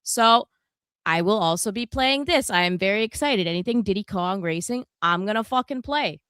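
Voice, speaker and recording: A woman co-hosting a podcast in blunt, chatty talk, cursing freely. Her voice sits at a middle pitch. It is recorded dry and close. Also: expressive, moderate pace, a bit bright, clear, resonant tone, dry recording. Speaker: podcast co-host. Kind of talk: casual chat.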